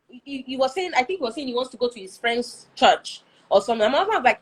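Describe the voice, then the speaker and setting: High, husky-voiced woman. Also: expressive, fast talker, rough recording. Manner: earnest, keeps asking "do you see?". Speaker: guest speaker on marriage. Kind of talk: conversational teaching talk.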